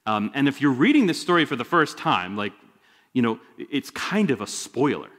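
In a church sanctuary with long hall reverb, a male pastor delivers a sermon in a conversational way, tossing in joking asides. His medium-pitched voice has a sing-song lilt, a fairly bright tone, and a normal speed.

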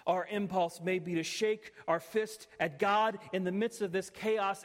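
A man preaching a sermon and leading a prayer, earnest, sometimes dropping to hushed tones. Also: high-pitched, fairly even intonation, measured pace, long reverb tail.

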